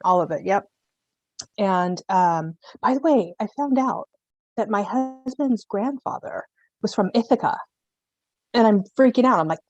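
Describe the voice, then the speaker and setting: Panelist, woman, lively slangy storyteller, dry close sound. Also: mid-range voice, moderate pace, dry recording. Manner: animated, slangy, jokey retelling with voices. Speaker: mythology panelist. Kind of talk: casual storytelling.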